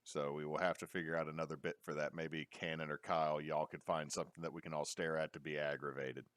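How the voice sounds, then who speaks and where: A man's voice: a bass voice, quick pace, no room sound. A middle-aged man, co-hosting a casual chat and acting out the people in his stories. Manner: animated storyteller, acts out quotes. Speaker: podcast co-host.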